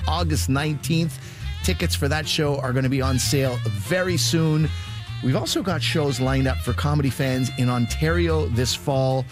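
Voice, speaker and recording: A man hosting a comedy show, reading brisk promotional announcements. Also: medium pitch. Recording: voice-over with guitar music behind. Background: guitar music.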